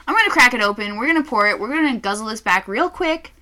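A woman's voice: a little high, animated, fast talker. A woman co-hosting a casual podcast, telling stories dramatically and swearing freely. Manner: swears freely, dramatic storytelling with shouted impressions. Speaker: podcast co-host reviewing drinks. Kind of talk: casual chat.

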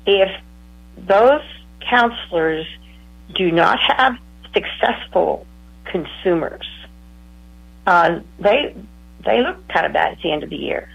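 A woman's voice: on the low side, animated, takes it slowly, creaky, long pauses, breathy edge, no echo, rough recording. A woman, a former counselor, casually telling stories from her work and acting out the people in them. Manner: retells conversations, acting out the other voices. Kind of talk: casual storytelling talk.

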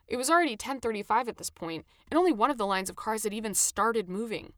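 A woman reading a first-person story aloud with an expressive, animated delivery. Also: fairly high pitch, quick pace, few pauses, dry recording, clean studio sound.

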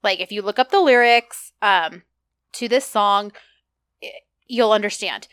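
A woman co-hosting a casual recap podcast, chatty and animated as she retells scenes with quoted lines. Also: mid-range voice, measured pace, clear, resonant tone, dry recording, clean studio sound. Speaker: podcast co-host.

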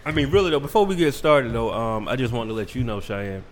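A man's voice: medium pitch, very animated, fast, a crowd in the background. Laid-back male podcast co-host. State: tired from travel. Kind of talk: casual chat.

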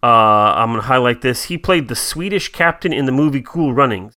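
A man's voice: mid-range voice, expressive, a little fast, sharp tone. A man co-hosting a podcast in casual chat, playful and rambling as he riffs. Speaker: podcast co-host.

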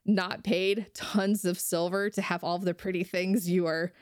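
A woman's voice: lowish voice, little pitch movement, normal speed, dry recording, studio quality. Heated woman ranting on a podcast. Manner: heated, ranting, swears freely. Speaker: podcast co-host. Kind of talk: casual podcast chat.

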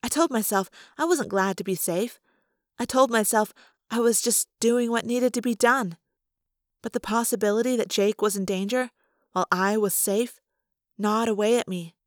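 A woman reading a first-person novel aloud with steady, expressive storytelling. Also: a little high, normal speed, no echo, studio quality. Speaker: audiobook reader.

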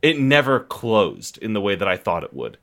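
A man's voice: fairly low pitch, big pitch swings, moderate pace, a bit bright. A young man co-hosting a podcast in casual comedic chat, loose and playful, laughing often. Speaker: podcast co-host.

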